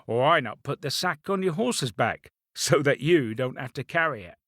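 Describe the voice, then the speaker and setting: A man voicing a pompous royal herald who speaks in a measured, formal way. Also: medium pitch, lively intonation, fairly bright tone, dry recording, studio quality.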